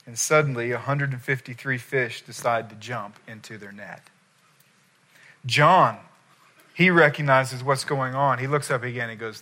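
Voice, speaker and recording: Bright-voiced male preacher. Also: medium pitch, moderate pace. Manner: animated storytelling, acting out quoted voices. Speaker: pastor. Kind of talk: sermon.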